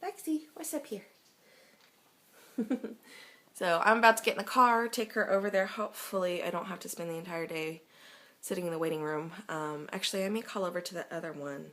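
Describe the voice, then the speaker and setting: Bright-voiced chatty woman vlogger. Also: fairly low pitch, steady tone, quick pace. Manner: chatty, laughs often. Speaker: beauty vlogger. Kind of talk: casual vlog chat.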